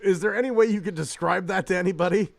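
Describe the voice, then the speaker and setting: Fast and gravelly, a high-voiced male podcast host chats casually, joking around and swearing freely. The recording is dry.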